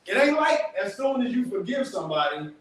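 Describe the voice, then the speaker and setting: High-voiced man preaching in an echoey hall. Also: a little fast. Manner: animated storytelling with casual vernacular. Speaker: workshop speaker. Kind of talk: testimony talk to an audience. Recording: echoey room, distant mic, background noise.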